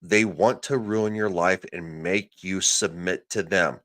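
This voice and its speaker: A man hosting a podcast, loudly yelling and swearing through a political rant. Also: sits low, slow pace. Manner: loud, profane, yelling. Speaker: podcast host. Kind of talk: ranting political commentary.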